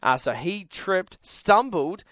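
A man's voice: high voice, slow pace, no room sound, clean studio sound. A young man hosting a radio show, telling a story with lots of acted-out voices. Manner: animated storyteller acting out voices. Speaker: radio host. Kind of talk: casual chat.

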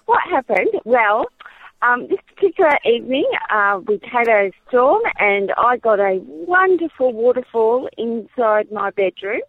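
A woman's voice: fairly high pitch, expressive, a little slow, husky, no room sound. A woman telling a wry story as a caller on a radio show. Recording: tinny phone line.

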